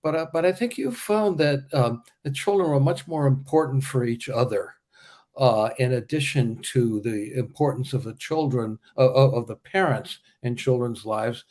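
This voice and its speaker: An older man interviewing a guest in a relaxed, conversational way, with filler pauses. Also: mid-range voice.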